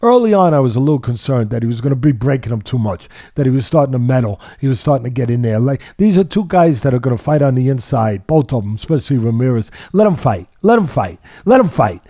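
A man's voice: mid-range voice, big pitch swings, quick pace, hardly any pauses, dark tone. An older man hosting a boxing podcast, rambling in casual sports talk with lots of restarts and fillers. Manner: rambling, many restarts and fillers, jokey then earnest.

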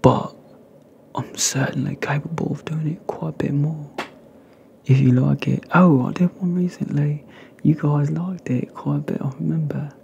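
Man, ASMR host, mellow gravelly whisper, playful and rambling, close-miked. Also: a little high, steady tone, moderate pace, muffled recording, slight background noise. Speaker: ASMR creator.

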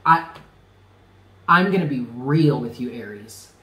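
A man giving a spoken tarot reading, earnest and emphatic, often repeating himself and dropping low on key words. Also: expressive, slow, sharp tone, roomy sound. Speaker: tarot reader.

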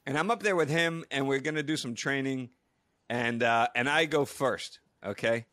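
A man's voice: mid-range voice, normal speed, bright, forceful tone, no room sound, clean studio sound. A middle-aged man co-hosting a podcast, telling stories casually with stammered restarts and frequent laughs. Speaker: podcast co-host. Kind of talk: casual storytelling chat.

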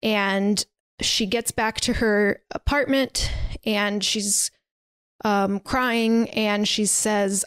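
On a podcast setup, a woman co-host recaps in casual chat, rambling through her story with plenty of "like" and "um." Her mid-range voice holds a steady tone and draws out words, sounding fairly bright, clear, and resonant in a dry recording.

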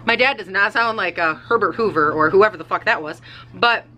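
A woman's voice: medium pitch, fairly quick, bright, forceful tone, poor audio. A woman vlogging in a casual, rambling way at home in her kitchen, swearing often and saying "like" a lot. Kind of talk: casual chat.

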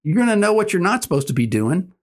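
A man in his sixties, a guest telling stories in conversation, earnest and animated, acting out the dialogue. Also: high voice, quick pace. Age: 60s. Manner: earnest, animated storyteller who acts out dialogue. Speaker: guest, business owner. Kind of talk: conversational storytelling.

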